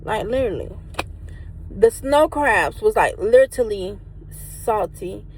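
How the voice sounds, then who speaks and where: Her voice is medium-pitched, expressive, and unhurried, with a somewhat dark tone, as she reviews a meal for her vlog outside by a truck. She speaks emphatically in a casual way, repeating herself and calling viewers "y'all." Expect slight background noise and a low-quality recording.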